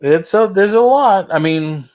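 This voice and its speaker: A man's voice: sits high, animated, a little slow, darkish tone. A man with a Boston accent, co-hosting a casual live-stream chat and telling stories in a chatty way. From Boston area. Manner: chatty, storytelling, slips into quoted voices. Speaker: co-host.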